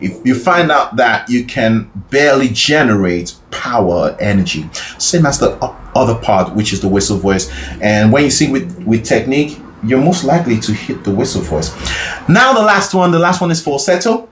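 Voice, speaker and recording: A man's voice: medium pitch, lively intonation, moderate pace, reverberant, a little hiss or hum. A man teaching a singing lesson as a vocal coach, explaining casually and often checking in with the listener. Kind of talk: singing lesson with sung demonstrations.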